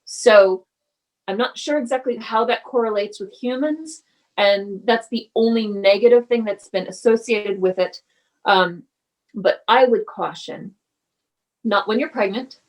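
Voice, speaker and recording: A woman, a mother and herbalist guest, speaks in a measured way with frequent ums and grows animated while telling a personal story. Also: fairly high pitch, low-quality recording. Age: adult parent of school-age son. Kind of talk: casual interview storytelling.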